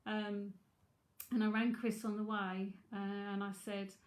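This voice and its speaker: A woman's voice: mid-range voice, little pitch movement, unhurried, roomy sound. A middle-aged woman, a psychic tarot reader, chatting frankly and laughing often as she answers viewers. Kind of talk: casual livestream chat.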